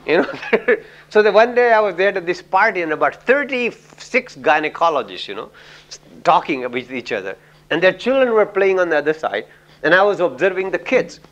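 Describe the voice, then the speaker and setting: A male professor with an Indian English accent, speaking in a slightly higher register than most men. He teaches through personal stories in a loose, conversational way. He keeps dropping "you know" and chuckling between points. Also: sing-song, normal speed, a bit bright, highs cut off. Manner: chatty storyteller, frequent "you know", chuckles. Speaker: professor giving a lecture. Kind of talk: lecture with anecdotes.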